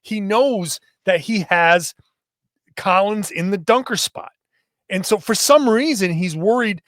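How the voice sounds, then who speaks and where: A podcast co-host breaking down a basketball play in an expressive, rambling way. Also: male voice, sits high, measured pace, dry recording, studio quality. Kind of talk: sports analysis chat.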